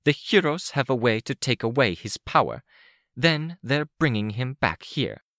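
A man reading an audiobook, voicing a commanding woman leader who speaks in a firm, measured way. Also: mid-range voice, sing-song, fairly bright tone, no echo, studio quality, pitched above the performer's own voice.

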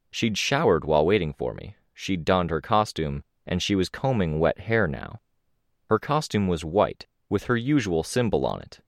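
A man with a very deep, low voice narrates a first-person audiobook in a measured, even storytelling style. The recording is dry and close, with no room sound.

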